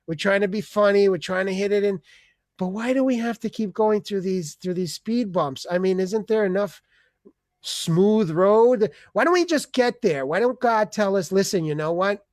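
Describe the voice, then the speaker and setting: A man's voice: sits high, a little mellow, dry recording. Male open-mic host, loose rambling comedy rant, profane, dry close sound. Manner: rambling, profane, with quick voice changes. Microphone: video call.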